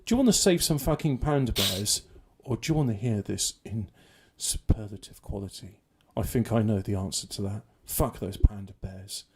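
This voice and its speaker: A man hosting casual livestream banter, rambling with a mock sales-pitch delivery into a home computer microphone. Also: moderate pace, hardly any pauses, husky. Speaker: show host.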